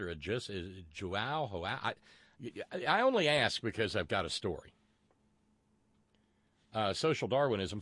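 A man's voice: fairly low pitch, dry recording. A man hosting a call-in radio talk show, chatty and rambling with many fillers and restarts, and wry asides.

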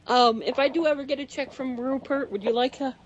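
A man calling in to a radio show, talking in a halting, self-deprecating way. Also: very high voice, steady tone, muffled recording. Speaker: caller. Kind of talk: call-in radio chat.

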